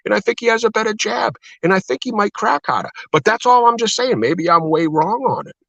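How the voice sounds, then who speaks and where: A man's voice: high voice, lively intonation, fairly quick, creaky, a bit bright, no echo. A man co-hosting a boxing chat show, swearing and arguing bluntly in rambling casual talk. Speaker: podcast co-host. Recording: dull lo-fi dry sound.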